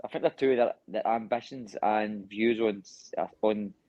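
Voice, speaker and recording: A man gives his views on a podcast in a thoughtful, halting way. His voice is low and warm. The recording is dry and slightly dull. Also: no room sound. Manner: thoughtful, hesitant with restarts. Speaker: podcast co-host. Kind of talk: casual podcast chat.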